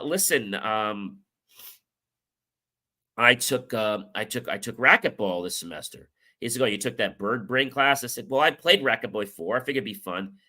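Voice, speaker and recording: Male host, bright forward voice, casual motivational storyteller who voices the dialogue himself. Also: lowish voice. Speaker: show host. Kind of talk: motivational talk with personal stories.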